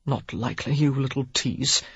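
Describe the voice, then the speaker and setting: Narrator doing angry young lord, low gruff mutter, husky, muffled lo-fi. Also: steady tone, normal speed, a bit bright, no echo, full character voice. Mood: resentful. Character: proud young nobleman, angry and frustrated. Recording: dull lo-fi audiobook recording.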